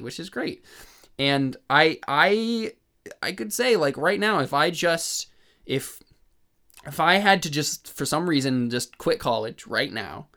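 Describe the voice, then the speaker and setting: A man's voice: medium pitch, fairly bright tone. A young man co-hosting a casual podcast chat, rambling and often restarting his sentences. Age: young adult. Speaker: podcast co-host.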